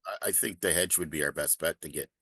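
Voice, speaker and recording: A man playing in a tabletop game, talking in a halting way as he thinks aloud. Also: a bass voice, pushed and bright, breathy edge, dry recording, studio quality. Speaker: player. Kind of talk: casual tabletop game chat.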